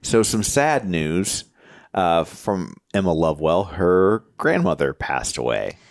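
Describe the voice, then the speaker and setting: A man's voice: low-pitched, very animated, no room sound, clean studio sound. A man in his fifties co-hosting a podcast in casual chat, tossing in wisecracks and jokes. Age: 50s. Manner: joking, quick with wisecracks. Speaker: podcast co-host.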